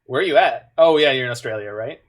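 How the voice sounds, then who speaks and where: A man's voice: mid-range voice, expressive, quick pace. A man from Canada, giving casual, joking commentary while he plays an online card game, with muttered asides in between.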